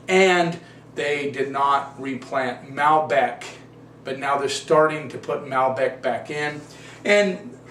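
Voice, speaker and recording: Folksy wine show host, roomy sound. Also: male voice, a little high, fairly bright tone, slight background noise. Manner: folksy, rambling, self-correcting. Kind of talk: casual wine tasting talk. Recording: roomy, distant mic, faint ambience.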